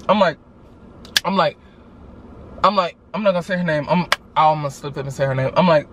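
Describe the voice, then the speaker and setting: A man's voice: high voice, a little fast, slight background noise. A man telling a story casually while eating, acting out each quote with loose, filler-filled chat. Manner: animated, acts out every quote; loose, chatty, many fillers. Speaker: vlogger.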